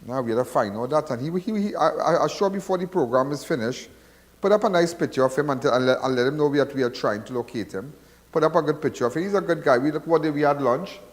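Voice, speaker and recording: A man's voice: a little high, quick pace, long reverb tail. A man with a Trinidadian accent hosting a call-in show, talking in a rambling, repetitive, preachy way. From Trinidad and Tobago. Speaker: radio call-in show host. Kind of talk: casual call-in talk.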